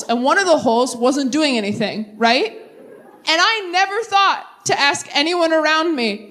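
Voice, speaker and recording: A woman in her thirties doing a stand-up set with crowd work, quick and self-deprecating, laughing at her own tangents. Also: high-pitched, sing-song, fairly bright tone, slight background noise. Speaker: stand-up comedian. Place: theater stage with live audience.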